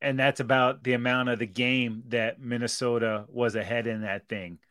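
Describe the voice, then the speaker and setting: A man's voice: mid-range voice, little pitch movement, moderate pace, a bit bright, no echo. A man co-hosts a sports podcast in loose, joking banter, playful and teasing. His voice is recorded close and dry, with no room sound. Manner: playful, jokey, calls people baby. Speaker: podcast co-host.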